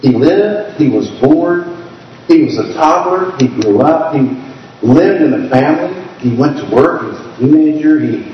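A man preaching a sermon in a church sanctuary, slowing down to read scripture aloud and asking the congregation to raise their hands. His voice carries a long reverberant echo, picked up from a distance. The sound is dull and a little muffled, with a faint room ambience underneath. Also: a little high, expressive, slight background noise. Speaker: pastor.

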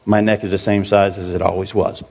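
A man's voice: low voice, little pitch movement, a little fast, creaky, breathy edge. A man preaching a sermon as pastor, in a loose, conversational way that pokes fun at himself. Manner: conversational, self-joking preaching. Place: church sanctuary. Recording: dull echoey hall recording.

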